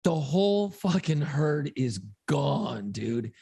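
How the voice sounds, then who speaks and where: A man co-hosting a podcast, telling a long story in a casual, profane, animated way. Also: on the high side, takes it slowly, vocal fry, crowd noise. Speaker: podcast co-host.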